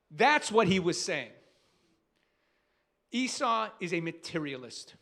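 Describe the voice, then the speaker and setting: A man's voice: high-pitched, very animated, takes it slowly, creaky, pauses often, pushed and bright. A man, a rabbi, preaching in a conversational, emphatic way, asking rhetorical questions and restarting sentences. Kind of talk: sermon.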